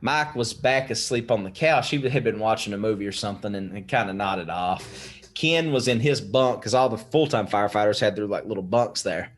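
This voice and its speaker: A man's voice: lowish voice, fairly quick. A young man casually telling a spooky story on a podcast, swearing freely and laughing as he goes. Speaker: podcast guest.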